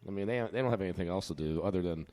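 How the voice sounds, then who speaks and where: A man's voice: low voice, racing, dark tone. A man hosting a casual podcast, joking and telling stories, laughing often. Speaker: podcast host. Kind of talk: casual chat.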